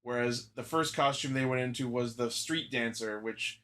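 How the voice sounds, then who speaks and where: Bright-voiced man arguing his points. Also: mid-range voice. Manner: deliberate, argues points methodically. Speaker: podcast co-host. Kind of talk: casual fan podcast chat.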